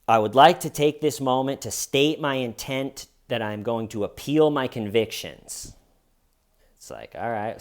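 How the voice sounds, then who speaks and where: A man's voice: mid-range voice, a little mellow. A man giving casual true crime commentary as the host of his channel, with sarcastic, mocking asides.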